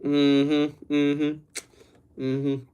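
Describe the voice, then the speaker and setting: A man's voice: a little high, completely flat delivery, drawn-out words, mellow, smooth. A young man livestreaming, rambling and joking as he talks straight to his chat. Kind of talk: casual livestream chat with viewers.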